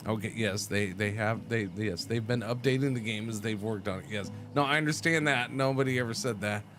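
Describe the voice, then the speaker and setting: A man with a lowish, brisk voice streams a game live and chats loosely with his viewers. Answering their messages, he rambles, stammers and repeats himself, with game music clearly audible beneath him.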